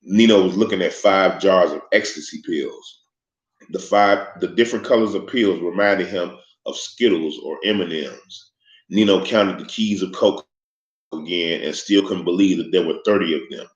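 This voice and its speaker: A man reading a novel aloud in steady, measured scripted narration. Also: deep voice. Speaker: audiobook narrator. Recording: echoey, slightly muffled room recording.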